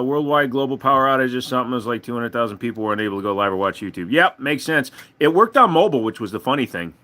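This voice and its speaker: A man hosting a casual live stream with a lively voice whose pitch jumps all over the place. He swears freely and drops into a high, slow singsong when he talks to his dog.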